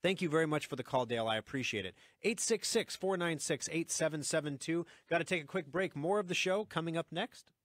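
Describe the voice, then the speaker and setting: A man hosting a radio call-in show, talking briskly and reassuringly in casual chat with a caller. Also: on the high side, fairly bright tone, no echo.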